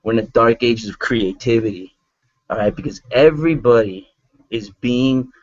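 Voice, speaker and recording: Excitable man with a dull lo-fi sound. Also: normal speed, no room sound. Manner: animated, rambling, repeats himself, pitch jumps up when excited. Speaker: co-host of an online marketing broadcast. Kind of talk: energetic motivational testimonial.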